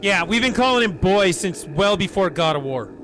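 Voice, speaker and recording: A man in his forties with a hoarse, scratchy voice after being sick, chatting casually and rambling to viewers during a game stream at home. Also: high voice, animated, normal speed, fairly bright tone. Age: 40s. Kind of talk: casual live-stream chat.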